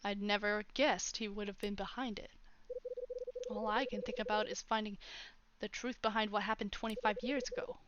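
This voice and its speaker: A woman reading game lines aloud for a terse, weary male detective, in a flat, clipped delivery. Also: medium pitch, normal speed, dull audio, slight background noise, natural voice.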